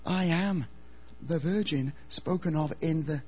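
An insistent young woman, voiced by a male preacher in a comic aside, raises her pitch and hurries her words. The tone is breathy and earnest, and she sounds a little wounded at being doubted. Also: unhurried, darkish tone.

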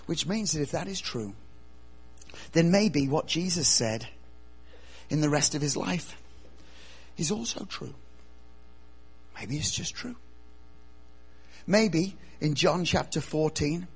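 A man preaching a lively sermon, dropping from loud outbursts to quiet, earnest asides. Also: fairly high pitch, slow pace, long pauses, breathy edge. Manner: animated storytelling, swings from loud to quiet.

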